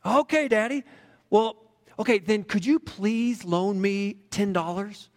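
Man putting on a little boy, timid, pleading, eager, very high voice, long hall echo. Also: a little slow.

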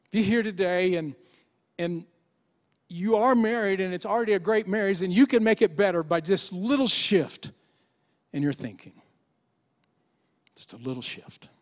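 A middle-aged man preaching as a pastor in an earnest, pleading manner, swinging from emphatic urging down to soft, quiet appeals. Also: high voice, expressive, moderate pace, long pauses. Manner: earnest, pleading, rising to emphatic exhortation then dropping soft. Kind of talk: sermon.

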